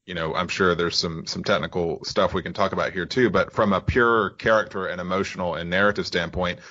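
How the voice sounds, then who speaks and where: Male podcast co-host, very low voice, forceful bright tone, slightly lo-fi audio, rambling. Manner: rambling, hedging with "you know" and "I think". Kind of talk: podcast interview.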